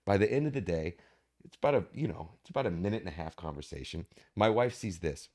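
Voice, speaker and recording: A man's voice: low-pitched, expressive, quick pace, darkish tone. A man guest on a podcast, talking reflectively and acting out the people in his stories. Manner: reflective storyteller who acts out quoted voices. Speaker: actor guest. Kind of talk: podcast conversation.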